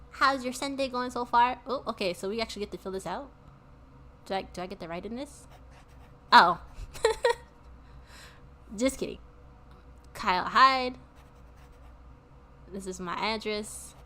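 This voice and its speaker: A woman's voice: fairly high pitch, unhurried, long pauses, pushed and bright. A woman streaming a game, chatting casually with her viewers and often laughing. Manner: chatty, laughing, talks to chat. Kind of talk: casual let's-play commentary.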